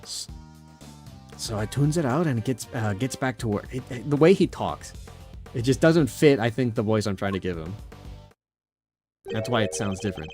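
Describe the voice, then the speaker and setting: A man's voice: mid-range voice, animated, normal speed, long pauses, a little mellow, soft background music. A man streaming a game, chatting casually and laughing at himself. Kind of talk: let's-play commentary.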